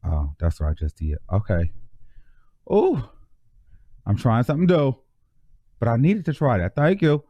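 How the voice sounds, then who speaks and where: A man's voice: medium pitch, very animated, unhurried, pauses often, warm tone, dry recording, muffled recording. A man hosting a live gossip stream with sassy, blunt commentary. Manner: sassy, mock-preaching, blunt. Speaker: host of a live gossip show.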